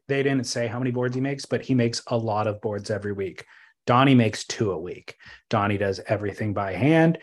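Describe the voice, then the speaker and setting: A man co-hosting a casual podcast, telling stories in an animated, thoughtful way with bursts of emphasis. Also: mid-range voice. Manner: animated, thoughtful storytelling with sudden bursts of laughter-tinged emphasis. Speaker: podcast co-host.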